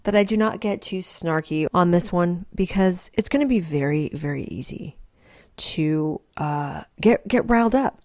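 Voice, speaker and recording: A woman's voice: fairly low pitch, measured pace, a little mellow. A woman from the United States hosting a casual commentary vlog from home, chatty, gushing and snarky. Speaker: YouTube commentary host. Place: at home, seated.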